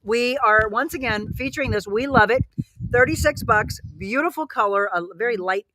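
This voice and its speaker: A woman's voice: on the high side, normal speed. Chatty woman hosting a wine show. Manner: chatty, animated storyteller. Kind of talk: casual chat. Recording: noisy home recording.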